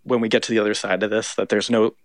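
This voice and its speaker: Low-voiced chatty man. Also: flat delivery, quick pace, no room sound. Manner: chatty, lots of "like" fillers. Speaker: podcast co-host. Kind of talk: casual chat about pop music.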